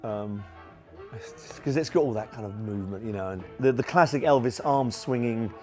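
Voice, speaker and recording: A man in his forties talks about his stage act in a relaxed documentary interview. His voice sits at an ordinary middle pitch. He rambles a little, restarting sentences and filling gaps with ums and you knows. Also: moderate pace, faint music behind. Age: 40s. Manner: chatty, many fillers and restarts. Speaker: tribute act performer.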